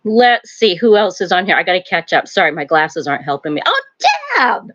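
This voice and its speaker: An older woman talks in a loose, rambling way as she hosts a live stream from home, laughing often between thoughts. Her pitch jumps up and down freely. The sound is dull and lo-fi, like audio from a live stream. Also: expressive, fast talker. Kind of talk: casual live-stream chat. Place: home, near a wood stove.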